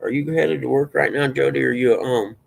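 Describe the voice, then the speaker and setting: A man's voice: medium pitch, quick pace, vocal fry, rough recording. A man hosting a casual livestream, chatting folksily with viewers and reading news aloud. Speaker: livestream host.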